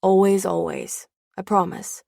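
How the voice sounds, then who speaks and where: A woman voicing a boy's loving father who speaks softly and reassuringly. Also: sits high, measured pace, creaky, no room sound, clean studio sound, full character voice. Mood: tender. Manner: soft, reassuring. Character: gentle, reassuring father of a boy.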